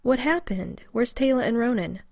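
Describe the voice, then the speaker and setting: A woman's voice: on the high side, lively intonation, moderate pace, vocal fry, a little mellow, dry recording, studio quality, pitched above the performer's own voice. A woman voicing an alarmed woman leader.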